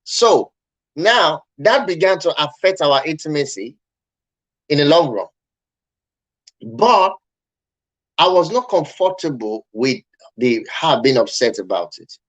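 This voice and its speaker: A man's voice: on the high side, sing-song, slow, pauses often, low-quality recording. A man vlogging marriage advice in casual personal storytelling, earnest and reflective, talking straight to the viewer.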